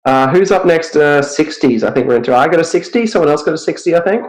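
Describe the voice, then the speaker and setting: A man's voice: a little high, lively intonation, fast talker, poor audio. A man playing in a tabletop game, joking and offhand, swearing casually. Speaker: player.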